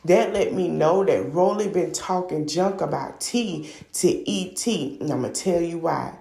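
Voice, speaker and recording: Gravelly low woman podcaster, slangy gossip recap, roomy echo. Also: measured pace, warm tone. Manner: gossipy and opinionated, slangy storytelling. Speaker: podcast host. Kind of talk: casual reality-show recap.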